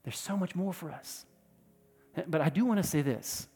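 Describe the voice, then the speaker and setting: Male pastor, sermon, somewhat high voice, emphatic preaching, long hall reverb. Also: lively intonation, normal speed, dark tone, slightly rough, faint music behind. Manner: emphatic preaching, repeats words, swells and drops in volume.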